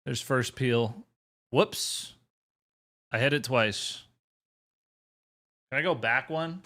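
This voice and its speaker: A young man in a relaxed live-stream chat, talking loosely to his audience with a casual, chatty manner and a bit of swearing. His voice sits at an ordinary middle pitch for a man. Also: slow. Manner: laid-back, chatty, talks to his chat, mild swearing.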